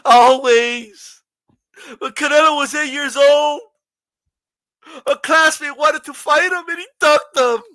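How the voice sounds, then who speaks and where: Sarcastic, mocking boxing host. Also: male voice, extremely high pitch, fairly even intonation, measured pace, bright, forceful tone, no echo. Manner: mocking, sarcastic, profane, laughs a lot. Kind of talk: sarcastic commentary rant.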